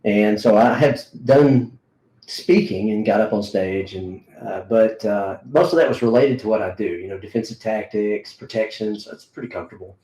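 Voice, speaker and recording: A middle-aged man, a martial arts instructor, tells a personal story in a relaxed, halting way, with many fillers and restarts. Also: on the low side. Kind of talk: casual conversational storytelling. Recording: roomy echo.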